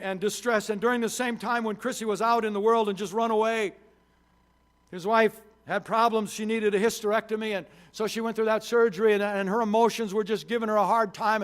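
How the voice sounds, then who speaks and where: A male pastor preaching a sermon in church, telling a story with many restarts and rising to emphatic peaks. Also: high voice. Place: church sanctuary.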